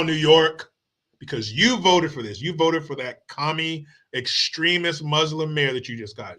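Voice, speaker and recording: A political commentary host livestreams from a home setup, ranting casually about politics in a mocking, combative, profane way. His voice is fairly high-pitched, unhurried, and sharp in tone.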